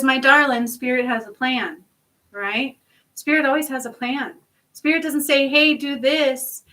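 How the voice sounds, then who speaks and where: A woman with a fairly high, bright and forceful voice, heard from a little way off the mic. She gives a casual spiritual card reading in a chatty, emphatic way, sprinkling in mild swearing and frequent "okay?" check-ins. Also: far from the mic, rough recording. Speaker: spiritual healer and card reader.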